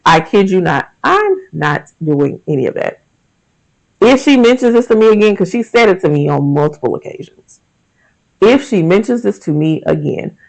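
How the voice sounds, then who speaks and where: A man's voice: sits high, vocal fry, rough recording. A man in his thirties hosting a podcast, talking frankly and emphatically in a casual monologue about faith and everyday life. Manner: candid, emphatic, frank and animated. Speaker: podcast host.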